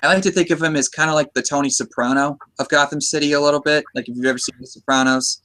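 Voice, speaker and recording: A man's voice: on the high side, fairly even intonation, quick pace, bright, forceful tone. An American man hosting a casual movie discussion podcast, talking in a chatty, enthusiastic way with frequent restarts. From United States. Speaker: podcast host.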